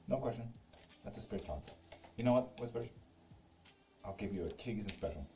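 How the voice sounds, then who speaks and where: A man's voice: lowish voice, animated, normal speed, dark tone, slight background noise. A man doing live tarot readings in casual stream chat. He reads viewers' comments aloud, teases them and swears freely. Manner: joking and teasing.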